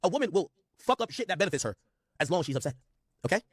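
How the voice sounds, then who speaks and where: A man hosts a casual stream, firing off blunt, slang-heavy commentary at a rapid clip. His voice sits a bit high and the sound is dry and close. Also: sing-song, husky, dry recording. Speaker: stream host. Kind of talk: casual commentary reading texts aloud.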